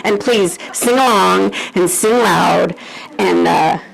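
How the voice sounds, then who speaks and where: A woman leading a worship service, introducing hymns with relaxed, joking asides. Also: on the low side, takes it slowly, creaky, poor audio. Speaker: service leader. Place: church service.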